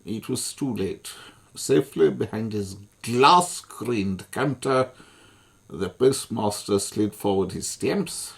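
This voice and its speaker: A man's voice: fairly low pitch, slow pace, husky. A man delivering an angry, swearing monologue as an online commentator, furious and repetitive.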